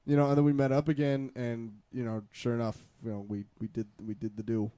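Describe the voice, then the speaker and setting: A man's voice: mid-range voice, little pitch movement, a little fast, warm tone, clear, resonant tone, dry recording. A man in casual chat, rambling through a personal story with many restarts. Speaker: podcast co-host.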